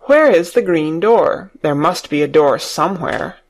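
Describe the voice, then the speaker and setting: A man's voice: on the high side, expressive, measured pace. A man voicing a lonely, imperious little girl in an audiobook story, lifting his voice into eager questions.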